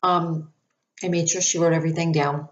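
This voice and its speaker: A woman speaking as a psychic medium, chatty and animated with many fillers and restarts, her throat dry. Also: deep voice, normal speed. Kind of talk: casual storytelling to camera.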